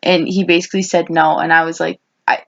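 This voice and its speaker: A woman's voice: low voice, level tone, fairly quick, gravelly, a bit bright. A young woman in her twenties co-hosting a podcast, chatting casually with her best friend, rambling with lots of restarts and quoted asides. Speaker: podcast co-host. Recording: dull lo-fi podcast audio.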